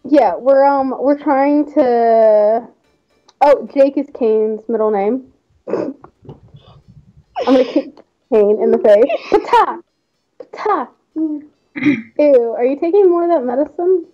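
A young woman hosts a game livestream, chatting casually in a bubbly, giggly way. Her high-pitched, mellow voice takes things slowly with frequent pauses, and the stream audio is slightly muffled.

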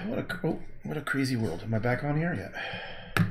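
Brief: Canadian painter on a livestream, loose and rambling, casual swearing, roomy echo. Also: male voice, mid-range voice, big pitch swings, normal speed, creaky, fairly bright tone, slight background noise. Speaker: painter streaming his work. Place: art studio. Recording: echoey room.

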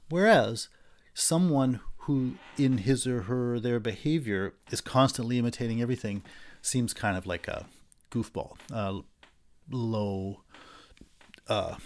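A man's voice: fairly low pitch, darkish tone. A man lecturing on philosophy in a conversational way, restarting sentences and acting out examples. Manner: conversational, with frequent restarts and fillers; acts out example voices animatedly. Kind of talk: recorded university lecture.

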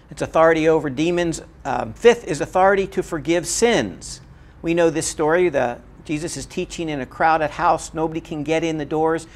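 A man giving a recorded Bible lecture, earnest and emphatic, repeating his key points. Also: on the high side. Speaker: Bible teacher.

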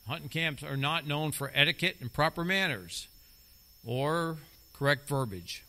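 A man's voice: fairly high pitch, a little slow, sharp tone. A middle-aged man preaching a sermon as a lay preacher, talking emphatically and repeating key phrases for stress.

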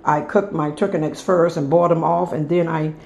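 A woman's voice: deep voice, steady tone, brisk, creaky, darkish tone, slight background noise. A woman, showing her home-cooked meal to viewers in a homey, chatty way. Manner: homey, chatty, addresses viewers as y'all and honey. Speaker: cooking vlogger. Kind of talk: casual cooking show-and-tell.

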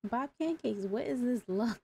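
A woman's voice: on the high side, expressive, unhurried, dark tone, slightly rough. A woman giving casual gameplay commentary, exasperated and talking back to the characters on screen. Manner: exasperated, talks to the game characters. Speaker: gaming YouTuber.

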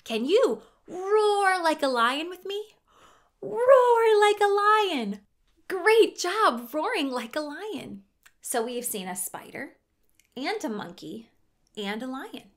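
High, slow-talking singing toddler host. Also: female voice, very animated. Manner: bright, exaggerated gasps and coaxing questions. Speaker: host of a toddler learning show. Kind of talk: sing-song toddler teaching. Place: outdoors. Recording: ukulele music playing underneath.

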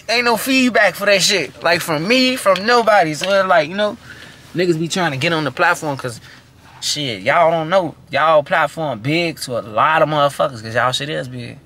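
A man's voice: on the high side, normal speed, pushed and bright, a little hiss or hum. A man, a guest in a casual interview, talking bluntly with lots of profanity and repeated restarts.

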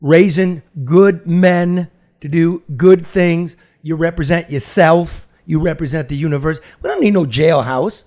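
A man's voice: a little high, unhurried, a little mellow. Blunt, profane man hosting a chat show. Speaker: host. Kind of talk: casual chat.

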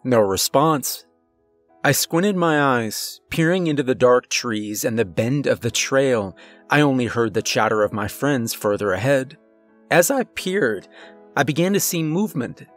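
A man giving a measured, low-key scripted horror narration. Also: expressive, faint music behind.

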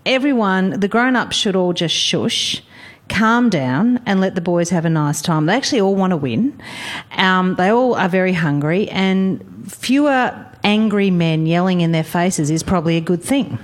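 A middle-aged Australian woman, a guest on a chat show, telling comic stories about coaching junior football in a lively, wry way and laughing often. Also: on the low side, moderate pace. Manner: animated storyteller, wry, laughs often, acts out voices. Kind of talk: casual chat, comic anecdotes.

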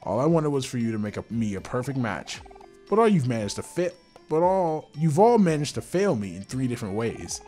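A man's voice: mid-range voice, big pitch swings, a little fast, mellow, faint music behind, natural voice. A man putting on a vain, haughty noblewoman. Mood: disdainful. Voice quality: haughty, scornful. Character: vain, pompous self-adoring noblewoman.

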